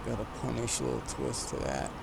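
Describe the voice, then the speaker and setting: A man's voice: on the low side, very animated, a little fast, vocal fry, heavy background noise. A man streaming a flight simulator, chatting casually and teasingly with a voice assistant.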